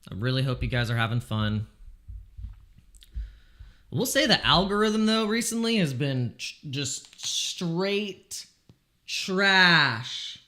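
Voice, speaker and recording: Bright-voiced, excitable male crypto streamer. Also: fairly high pitch, slow pace, pauses often. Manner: excitable, exasperated, swears freely. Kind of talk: casual live stream commentary.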